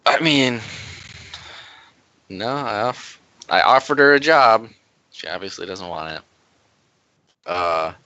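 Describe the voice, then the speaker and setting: A man's voice: on the low side, takes it slowly, long pauses, bright, forceful tone, no echo. A man playing in a tabletop game, dry and matter-of-fact. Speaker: player. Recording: dry, dull lo-fi sound.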